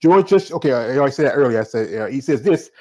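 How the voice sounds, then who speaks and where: A man hosting a podcast in casual chat, joking and halting, often repeating words. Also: medium pitch, lively intonation, mellow, low-quality recording. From Southern United States. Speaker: podcast host.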